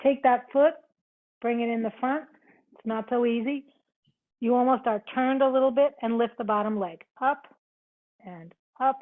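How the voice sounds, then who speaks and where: Woman, yoga instructor, higher voice, short cues and counts, tinny call audio. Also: normal speed, long pauses. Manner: chatty asides to students. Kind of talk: cueing a live online class. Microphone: video call.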